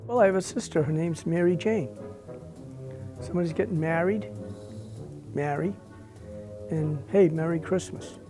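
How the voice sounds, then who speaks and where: A man's voice: on the high side, measured pace, long pauses, over music. A man with a Merrimack Valley accent chatting casually in an interview.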